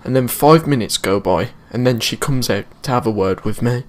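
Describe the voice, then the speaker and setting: A man's voice: medium pitch, moderate pace. Sweary British young man telling a story. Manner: sweary, slangy retelling. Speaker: vlogger. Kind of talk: casual story time.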